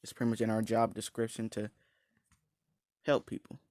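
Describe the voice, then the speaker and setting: A man voicing a calm young woman, a nun explaining herself plainly, with restarts and fillers. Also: on the low side, moderate pace, dry recording, close to an everyday voice. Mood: matter-of-fact.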